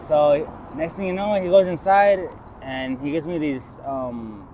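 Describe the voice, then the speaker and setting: A man speaks a little slowly, his voice fairly high-pitched yet dark in tone, during a street interview. Amid outdoor traffic noise, he rambles through a personal story and plays out the voices of people he quotes.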